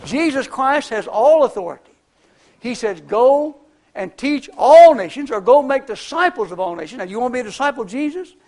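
A man's voice: extremely high pitch, sing-song, fast. An older man preaching a sermon, telling folksy personal stories in a conversational way.

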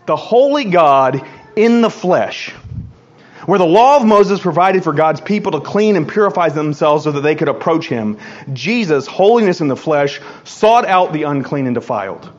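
A man preaching a sermon to his congregation, reading scripture and explaining it with animated restarts and stammers. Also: on the high side, moderate pace, highs cut off. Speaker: pastor.

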